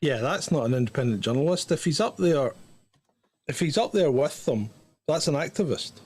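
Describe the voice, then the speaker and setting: A man's voice: a little high, lively intonation, moderate pace, darkish tone, husky. A middle-aged man, co-hosting a live stream in blunt, sweary, teasing chat. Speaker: co-host.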